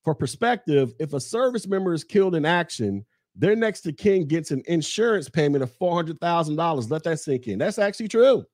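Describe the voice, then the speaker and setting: This is an American man on his own podcast, venting in a fired-up, cursing tirade. His voice sits somewhat high for a man, and the recording is dry and close with no room sound. He mocks his listeners and keeps repeating his phrases to drive the point home. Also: animated, a little fast, darkish tone, dry recording. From United States. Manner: heated, profane, mocking, repeats phrases for emphasis. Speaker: podcast host. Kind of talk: angry political rant.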